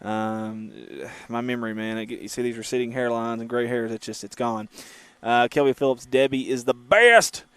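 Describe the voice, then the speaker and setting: A man's voice: mid-range voice, level tone, normal speed, hardly any pauses, clean tone. A man hosting a casual livestream from a moving car, chatting and reading viewer comments aloud. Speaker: livestream host. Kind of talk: casual driving livestream chat.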